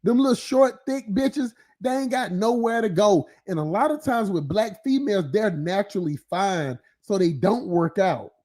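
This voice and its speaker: A man's voice: high-pitched, expressive, moderate pace, hardly any pauses, a little mellow. A man hosting an open-topic live stream, ranting casually and profanely with frequent laughs and filler phrases. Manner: profane, rambling, laughs often, filler-heavy.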